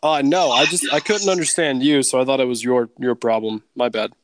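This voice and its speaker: A man's voice: mid-range voice, steady tone, fairly quick, no room sound. A man hosting a casual group chat on a call, joking and steering the talk. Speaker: podcast host.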